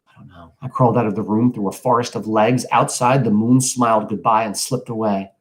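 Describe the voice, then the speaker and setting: A man's voice: mid-range voice, animated, brisk. A man teaching a class, reading a novel aloud and stopping often to explain it, ask questions and comment earnestly. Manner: earnest, occasionally loses his place.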